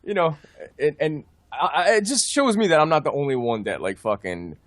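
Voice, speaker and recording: A man's voice: on the high side, expressive, a little fast, dry recording, studio quality. Profane rambling male podcast host. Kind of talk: casual wrestling podcast chat.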